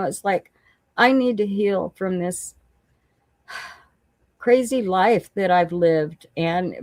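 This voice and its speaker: A woman's voice: medium pitch, a little mellow, no echo. A middle-aged woman candidly telling her recovery story, emotional at times and retelling conversations as quoted dialogue. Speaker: guest sharing recovery story.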